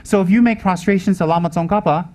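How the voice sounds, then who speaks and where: A man teaching the Dharma with a fairly high voice. He hammers his points home, repeats them and keeps asking rhetorical questions as he preaches. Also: fast talker, darkish tone. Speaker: Buddhist teacher.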